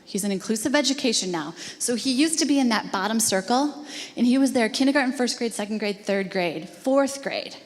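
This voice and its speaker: A woman's voice: a little high, lively intonation, a little fast. Earnest woman telling a story in a hall. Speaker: speaker at an education talk. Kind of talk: storytelling talk to an audience. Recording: long hall reverb.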